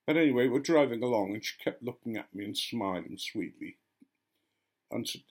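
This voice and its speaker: An older man, a retired vicar, casually tells a story and acts out the voices of the people in it, sounding gently amused. His voice is on the low side, expressive and fairly quick.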